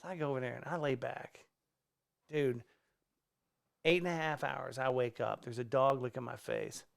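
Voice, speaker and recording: A man, a stand-up comedian, telling a casual story on a podcast, animated and swearing freely as he acts out the people in it. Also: mid-range voice, normal speed, vocal fry. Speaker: guest comedian. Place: podcast studio.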